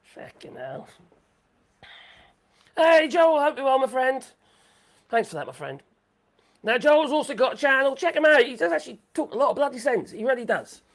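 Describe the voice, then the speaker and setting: Excitable woman, lively high voice. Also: normal speed, pauses often. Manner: excitable, swears freely, laughs a lot. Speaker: live stream host. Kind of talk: rambling live-stream chat.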